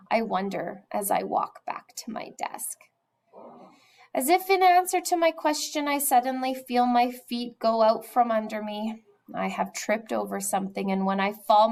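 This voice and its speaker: Woman reading a kids' book out loud, kinda gravelly, slips into whispers sometimes. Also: on the high side, low-quality recording. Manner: expressive storytelling, drops to a whisper at times. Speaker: reader. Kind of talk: reading a children's novel aloud.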